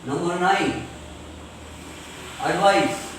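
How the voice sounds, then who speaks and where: A male grammar teacher giving a classroom lesson, speaking deliberately and repeating examples for his students. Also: high-pitched. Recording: echoey room, distant mic, faint hiss.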